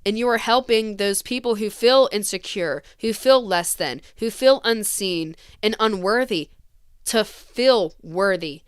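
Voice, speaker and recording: A woman gives a tarot reading in an earnest, gentle voice, wandering through her thoughts with small laughs. Her tone is smooth and clear. She sits close to a dry microphone. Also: mid-range voice, measured pace, no room sound. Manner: earnest, gentle, rambling with fillers and little laughs. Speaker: tarot reader. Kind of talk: intuitive tarot reading for viewers.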